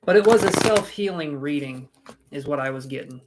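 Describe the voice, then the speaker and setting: A man's voice: fairly high pitch, lively intonation, normal speed, very noisy. A man giving live-stream tarot readings, chatty and rambling, making jokes at his own expense. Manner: rambling, self-mocking, chatty. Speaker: tarot reader.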